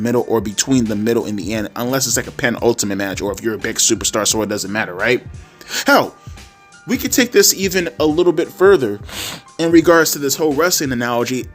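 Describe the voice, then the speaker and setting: A man talking casually in a mid-range voice, rambling through his opinions with constant restarts, self-corrections and the odd swear word. Soft instrumental music plays faintly underneath. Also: medium pitch. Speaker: wrestling commentary YouTuber.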